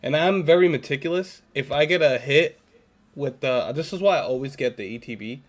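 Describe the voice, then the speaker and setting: Rambling man hosting a card stream. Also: mid-range voice. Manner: rambling, halting, with many fillers and restarts. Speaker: host opening trading cards. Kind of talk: casual stream chat.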